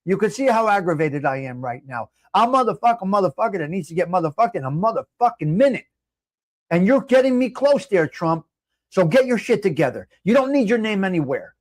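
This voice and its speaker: A New man rants on his livestream, angry and swearing, his voice pitched high for a man. He is recorded dry and close, with no room sound. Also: very animated, a little fast, no room sound. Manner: angry, profane, shouting at times. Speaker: livestream host. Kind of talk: heated livestream rant.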